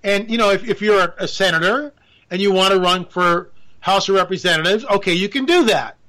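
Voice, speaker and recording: A man giving a casual political monologue, animated and sarcastic, with joking asides. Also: sits high, brisk. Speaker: political commentator.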